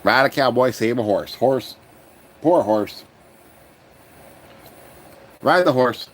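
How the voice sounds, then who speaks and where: A man's voice: mid-range voice, expressive, takes it slowly, rough recording. A man with an Ontario Canadian accent, hosting a casual livestream. He rambles, chuckles at himself and trails off into mumbles while answering viewers. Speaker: host of a toy-building channel.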